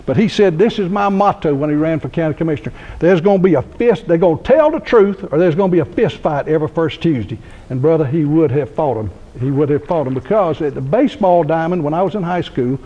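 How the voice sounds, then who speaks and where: A man's voice: fairly high pitch, dark tone, dull audio. A man, telling humorous anecdotes in a folksy speech at a university event. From Georgia, US. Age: 60s. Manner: folksy anecdotal humor, laughs at own stories. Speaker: keynote speaker. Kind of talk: storytelling speech. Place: university lecture hall.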